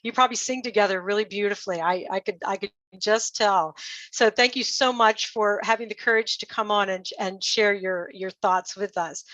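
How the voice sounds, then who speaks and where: A woman's voice: medium pitch, steady tone, normal speed, fairly bright tone, no echo. A woman hosting an online panel, upbeat and encouraging as she introduces speakers. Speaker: host. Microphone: video call. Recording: dull lo-fi call audio.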